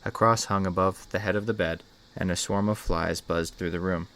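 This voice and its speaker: A man hosting a channel and reading a horror story aloud in a measured, dramatic way. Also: low voice, fairly even intonation, a bit bright. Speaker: host, story reader. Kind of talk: scripted horror story narration.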